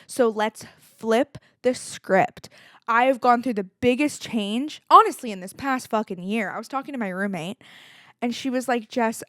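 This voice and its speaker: A woman's voice: on the high side, dry recording, clean studio sound. A young woman, hosting a solo podcast in a candid, casual, chatty way, with filler likes and the odd swear word. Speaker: podcast host.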